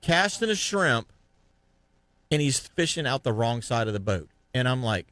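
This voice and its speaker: A man hosts a fishing radio podcast, recorded close and dry in a studio. He tells his stories in a casual, animated way, and his voice swings high when he acts out the people in them. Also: normal speed, dry recording. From Florida. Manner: animated storyteller acting out other anglers. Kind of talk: casual storytelling chat.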